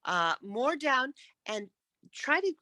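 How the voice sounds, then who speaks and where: A woman coaching speakers in an online workshop, encouraging them and demonstrating how to end sentences with a falling pitch. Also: big pitch swings, slow, pushed and bright, no room sound.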